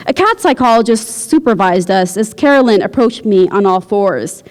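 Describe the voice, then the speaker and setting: A woman reading her own fiction aloud at a university, with a wry, deadpan delivery. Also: mid-range voice, normal speed, hardly any pauses, big-room sound. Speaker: visiting writer. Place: university lecture hall.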